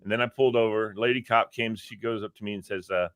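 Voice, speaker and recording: A man from Virginia, co-hosting a casual talk show, telling an animated story and acting out the quotes. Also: lowish voice, fast talker, dry recording, studio quality. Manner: animated, acts out quotes, laughs often. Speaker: podcast co-host.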